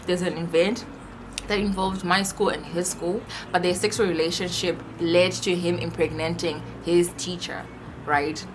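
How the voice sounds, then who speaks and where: A young woman telling a personal story in a chatty, animated vlog style, full of rhetorical questions. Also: on the low side, background noise. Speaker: vlogger. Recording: music playing under voice.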